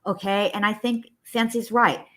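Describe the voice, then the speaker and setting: A woman co-host in a relaxed commentary chat. She talks things through at a measured pace, in a plainspoken way with folksy turns of phrase, in an even middle register. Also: medium pitch.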